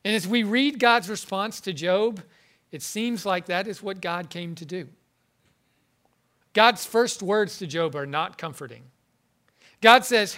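A man preaching a sermon in an earnest, halting way, often repeating words as he goes. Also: high-pitched, fairly bright tone. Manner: earnest, halting, with frequent word repetitions.

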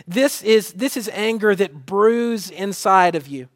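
High-voiced male pastor preaching. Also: unhurried, dry recording, clean studio sound. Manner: repetitive preaching cadence, restarts. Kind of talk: sermon.

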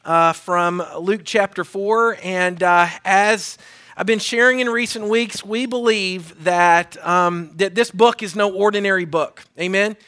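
A man's voice: high voice, measured pace, bright, forceful tone, clear, resonant tone. A male pastor giving a sermon, reading scripture and preaching in an earnest style with call-and-response to his church. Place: church sanctuary.

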